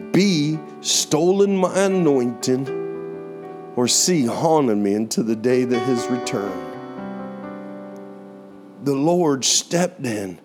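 A young man preaching, telling a personal testimony in an earnest voice that slows down for emphasis. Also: medium pitch. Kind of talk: sermon testimony. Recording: guitar music playing underneath.

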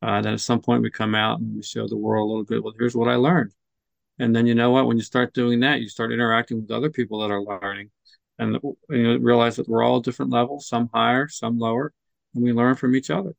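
A man chats as a podcast guest in an encouraging, easygoing way. His mid-pitched voice has a gravelly fry to it. The sound is close and dry, with no room around it. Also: little pitch movement, fast, no room sound, lo-fi sound. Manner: chatty, encouraging, acts out kids' voices. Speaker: guest, music nonprofit leader. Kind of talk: casual podcast interview.

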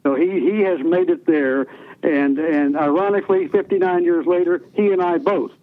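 A retired radio DJ guest, an older man, spins folksy, rambling stories of his years in radio during an interview, often restarting his sentences. He speaks at a normal speed in a fairly high pitch, and the audio is tinny, like a phone line on the radio.

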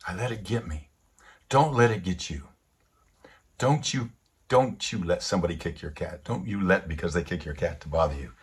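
A man tells stories from the pulpit in a low, husky voice. He is lively and animated, putting on voices for the people in his tales. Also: moderate pace. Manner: animated storyteller who acts out the quotes. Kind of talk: storytelling sermon.

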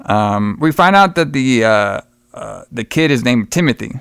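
A man's voice: mid-range voice, a little slow, gravelly, clean tone, dry recording, clean studio sound. A man co-hosting a podcast, recapping a movie in a casual, profane, rambling way. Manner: rambling, profane, energetic retelling. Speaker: podcast co-host.

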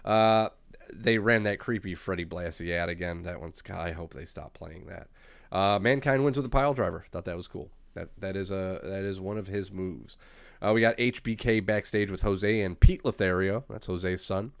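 A low-pitched man with a clear, smooth tone, walking through a wrestling card in relaxed podcast talk. He lists results matter-of-factly, filling pauses with "uh". The recording is dry and close. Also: no echo. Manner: matter-of-fact rundown with filler "uh"s. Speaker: podcast co-host. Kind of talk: casual wrestling recap.

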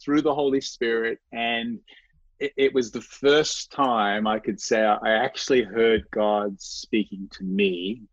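A man with a lowish, fairly even voice speaks slowly as an interview guest, sharing a personal faith story in an earnest, reflective way. He often restarts and repeats himself. The recording is dry and slightly dull, with no echo.

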